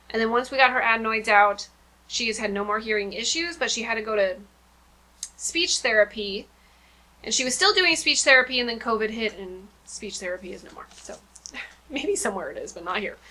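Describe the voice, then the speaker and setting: Woman, 30s, homeschooling mom, casual vlog chat, rambling, bright tone, slightly high voice. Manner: chatty, rambling, with many fillers.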